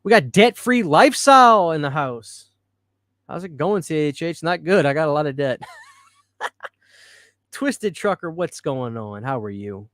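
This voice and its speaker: A man's voice: a little high, very animated, a little slow, pauses often, fairly bright tone, dry recording, studio quality. A man hosting a casual live stream, chatting loosely, answering viewer comments and laughing easily. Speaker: livestream host. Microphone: studio microphone.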